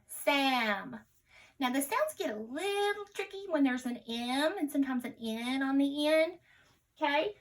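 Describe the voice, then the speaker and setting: A woman teaching a phonics lesson to young children, speaking in slow, encouraging, sing-song teacher talk and sounding out letters and words. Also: sits high, a bit bright.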